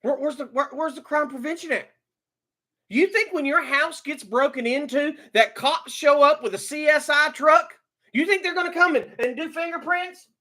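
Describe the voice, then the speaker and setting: High-voiced woman ranting angrily. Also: moderate pace, pushed and bright. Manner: angry, indignant, repetitive, stumbling restarts. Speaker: livestream host. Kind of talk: ranting live commentary.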